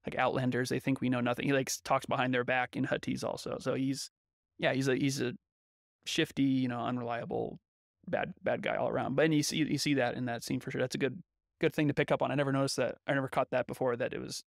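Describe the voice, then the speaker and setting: Man with a gravelly voice. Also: medium pitch, level tone, fast talker, no echo, studio quality. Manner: thoughtful, analytical, searching for words. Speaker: podcast co-host. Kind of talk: casual podcast discussion.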